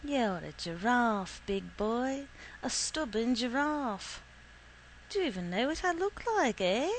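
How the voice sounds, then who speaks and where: A woman voicing a young woman who teases and coaxes softly, her lines pitched a little higher than the narration. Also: animated, slow pace, slight background noise, rough recording. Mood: coaxing. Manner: teasing, coaxing, soft. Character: young woman, coaxing and teasing.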